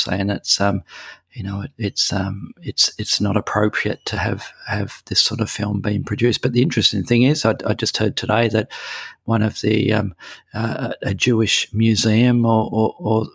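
A man's voice: on the low side, vocal fry, slightly rough, no room sound. A man chatting casually on a radio segment, hesitant and full of ums and restarts. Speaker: regular guest on a veterinary news segment.

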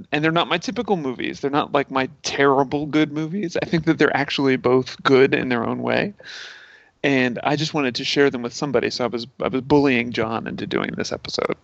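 Gravelly, giggly man in casual chat. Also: mid-range voice, fairly quick, no room sound. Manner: laughs often, gushing. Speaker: guest. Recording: dull, dry sound.

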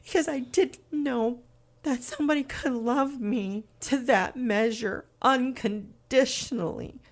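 Woman, interview guest, candid faith testimony, gravelly fry. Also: a little high, unhurried. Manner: earnest, candid storytelling. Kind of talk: personal faith testimony in conversation.

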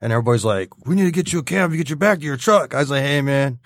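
A man's voice: medium pitch, animated, racing, no room sound, clean studio sound. A man telling a rambling party story in a casual podcast chat. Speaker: podcast co-host.

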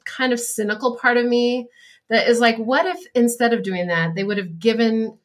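A woman's voice: fairly high pitch, fairly even intonation, moderate pace. A middle-aged woman co-hosting a casual podcast chat, talking freely and often laughing as she reads stories aloud. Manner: chatty, laughs while reading aloud. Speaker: podcast co-host.

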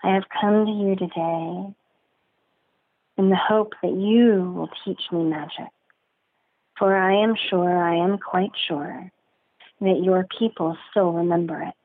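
A woman's voice: lowish voice, fairly even intonation, takes it slowly, pauses often. A woman voicing a polite, earnest young woman who humbly pleads to be taught magic, speaking in a formal, respectful way. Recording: narrow phone-like sound, dry.

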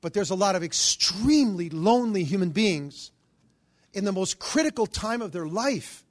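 Male preacher, middle-aged, fairly high voice, animated storyteller who acts out quoted voices. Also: normal speed. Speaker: Catholic charismatic preacher. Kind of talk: storytelling sermon.

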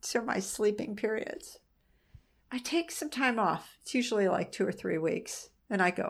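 A woman's voice: mid-range voice, moderate pace, gravelly. A woman in her forties, a mother being interviewed, telling her story in an earnest, conversational way, often restarting and repeating phrases.

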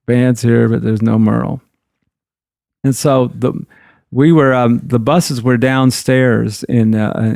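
Man with a gravelly, dry voice. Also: medium pitch, a little mellow, dry recording. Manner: rambling, loose and conversational. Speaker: guitarist. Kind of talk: anecdotal storytelling.

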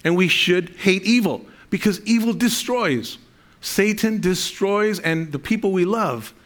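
A man preaching a sermon to his congregation, with a voice that sits a little higher than most men's. He reads verses aloud and then unpacks them, often breaking off and restarting a sentence. Now and then he asks the listeners for an amen. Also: animated, unhurried. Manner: speaks to a congregation, asking for amens. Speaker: pastor.

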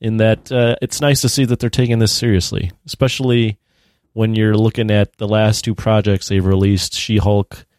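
Low-voiced easygoing male co-host. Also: level tone, moderate pace, darkish tone, dry recording. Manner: easygoing, laughs at himself. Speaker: podcast co-host. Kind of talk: casual chat.

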